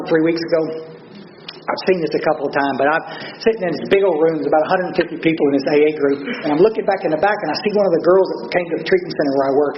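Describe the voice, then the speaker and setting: A man's voice: on the high side, a little hiss or hum. Blunt older Texan man telling his story. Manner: earnest, blunt, storytelling with salty language. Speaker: speaker at a recovery meeting. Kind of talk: personal testimony talk. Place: large meeting room. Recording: roomy, dull audience recording.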